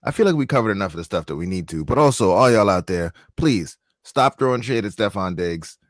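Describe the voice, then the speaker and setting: A man hosting a sports podcast, teasing his co-host and talking in an animated, casual way. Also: lowish voice, a little fast, dry recording, clean studio sound. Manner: teasing, animated, signs off the show.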